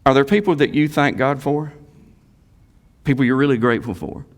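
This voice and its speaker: A male pastor preaching a sermon, swinging from quiet asides to loud exhortations and repeating key phrases for emphasis. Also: medium pitch, normal speed.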